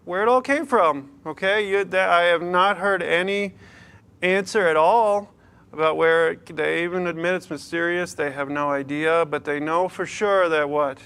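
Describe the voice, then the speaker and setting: A young male pastor preaching in a relaxed, conversational way. His voice sits a little high for a man and sounds smooth and clear. He stumbles and restarts, then drops rhetorical questions on his listeners. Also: moderate pace. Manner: conversational storytelling with nervous restarts and laughs; asks the audience rhetorical questions. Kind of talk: sermon.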